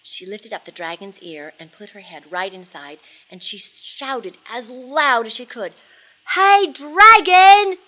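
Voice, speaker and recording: A woman reading a storybook aloud to children, expressive and animated, with dramatic hushes and shouts. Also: medium pitch, measured pace, hardly any pauses, low-quality recording.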